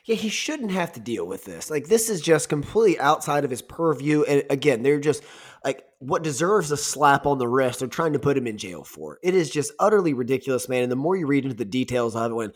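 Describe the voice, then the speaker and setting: A man's voice: mid-range voice, animated, fairly quick. A man co-hosting a sports podcast in casual talk, laid-back and agreeable, calling his partner "man" and "dude".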